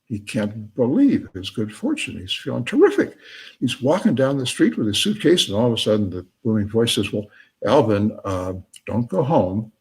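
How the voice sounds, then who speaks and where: A man's voice: medium pitch, big pitch swings, brisk, husky. A man lecturing and telling a joke story, laughing at his own punchlines.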